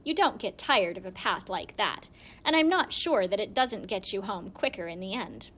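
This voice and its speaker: A woman reading a children's storybook aloud, giving the characters light voices of their own. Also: normal speed. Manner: lively, voices each character with small pitch lifts. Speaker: reader.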